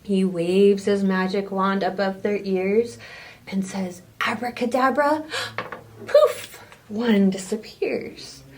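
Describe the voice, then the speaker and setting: A woman reading a children's story aloud at a slow, deliberate pace. She plays it up with gasps and sound effects, her pitch sitting in a comfortable middle range. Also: little pitch movement, darkish tone, a little hiss or hum.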